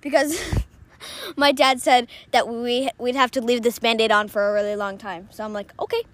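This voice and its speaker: A woman's voice: fairly high pitch, steady tone, normal speed. A young teenage girl telling a rambling story to a friend, giggly and casual. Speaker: podcast co-host. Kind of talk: casual chat.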